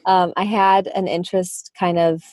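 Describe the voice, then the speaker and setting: A woman's voice: fairly low pitch, level tone, normal speed, crowd noise. A woman in her thirties from Michigan with a Midwestern accent, a dermatologist guest on a podcast, talking in an earnest, explanatory way. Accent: Midwestern American. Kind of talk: podcast interview.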